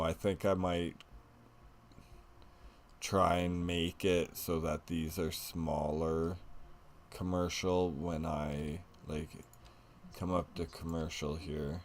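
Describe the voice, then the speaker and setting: A man's voice: low voice, slight background noise. A man livestreaming a city-building game, thinking aloud as he plays and easily amused. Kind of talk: casual gaming chat.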